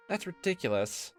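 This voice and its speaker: A man voicing a gentle but guarded teenage girl in a visual novel, his voice raised and softened, turning from sweet to flat and mocking. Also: medium pitch, close to an everyday voice. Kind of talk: dramatic reading of visual novel dialogue.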